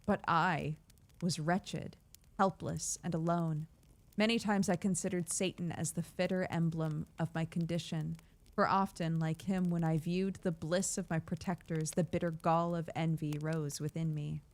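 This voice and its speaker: A woman streamer reading a classic novel aloud on a livestream, measured in the reading and giggly in her asides. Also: sits low, fairly even intonation.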